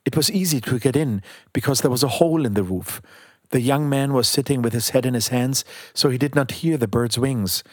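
A man reading a children's storybook aloud in a calm, steady narration. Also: mid-range voice, brisk, few pauses, husky, no echo, clean studio sound.

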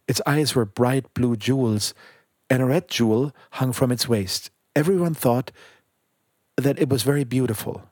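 A man reading a fairy tale aloud in a calm, measured way, with brief remarks about the story before he begins. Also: mid-range voice, breathy edge, no echo, clean studio sound.

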